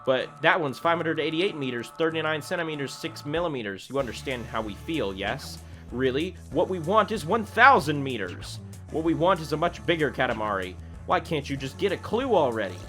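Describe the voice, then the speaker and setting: A man's voice: on the high side, sing-song, brisk, pushed and bright, soft background music, voice pushed up. A man voicing a pompous, grandiose cosmic king who speaks in the royal we, reading game dialogue aloud. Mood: haughty. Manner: haughty, demanding, speaks in the royal we.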